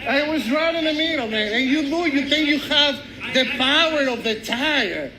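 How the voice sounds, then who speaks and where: A man's voice: very high-pitched, lively intonation, normal speed, a crowd in the background, low-quality recording. A man in an angry street confrontation, taunting and repeating his questions, recorded on a phone outdoors. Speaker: delivery rider in a street confrontation.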